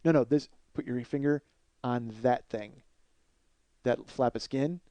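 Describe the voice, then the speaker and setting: A man's voice: medium pitch, unhurried, mellow, no echo. A middle-aged man hosting a podcast, telling a long comic story in a rambling, profane, self-mocking way. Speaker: podcast host. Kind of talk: comedic storytelling monologue.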